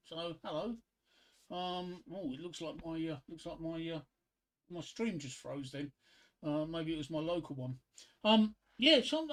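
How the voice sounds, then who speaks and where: An older man with a fairly high-pitched voice hosts a casual solo livestream. He rambles, jokes at his own expense and talks straight to his few viewers, full of ums and restarts. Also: low-quality recording. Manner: rambling, self-deprecating, chatting to viewers; frequent fillers and restarts. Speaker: livestream host.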